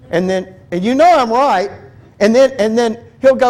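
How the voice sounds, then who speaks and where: A man with a fairly high voice leads a Bible lesson like a friendly chat. He tells light, funny stories, often stops and restarts a sentence, and keeps asking his listeners questions. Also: moderate pace, a little mellow. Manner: chatty, restarts sentences, asks the audience questions; humorous storytelling. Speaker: Bible teacher. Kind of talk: conversational Bible study teaching.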